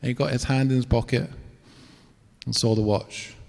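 A man's voice: medium pitch, steady tone, moderate pace, gravelly, darkish tone. Brief: man, missionary preacher, earnest testimony, reverberant hall. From England. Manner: storytelling, earnest, with self-deprecating asides. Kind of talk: personal testimony sermon.

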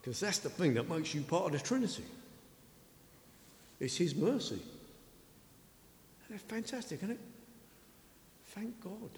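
A male preacher giving an excitable sermon, dropping to quiet asides and rising to loud acted-out quotes. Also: high voice, unhurried, pauses often, slight background noise. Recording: echoey hall with long reverb.

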